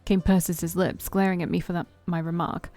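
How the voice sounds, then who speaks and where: A woman's voice: fairly low pitch, level tone, moderate pace, mellow, soft background music. A woman reading a story game aloud in first person, playful, with her own asides. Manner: playful, with side comments. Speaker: let's play streamer.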